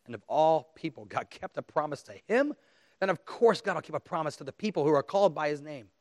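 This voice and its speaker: A man's voice: a little high, animated, brisk, no echo. Earnest man preaching in a dry room. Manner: earnest, emphatic, dramatic reading of scripture. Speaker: pastor. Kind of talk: sermon.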